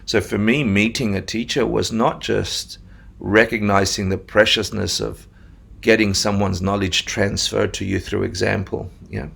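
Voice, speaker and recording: A man from Argentina with a mixed Australian-Argentine accent, telling his story as a meditation teacher in a casual interview, animated and laughing often. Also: on the low side, unhurried, vocal fry, husky. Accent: Australian-Argentine mix.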